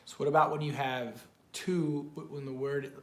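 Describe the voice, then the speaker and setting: Male co-host in a live class, halting questioner, recorded with a roomy echo. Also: mid-range voice, steady tone. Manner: asks questions, speaks hesitantly.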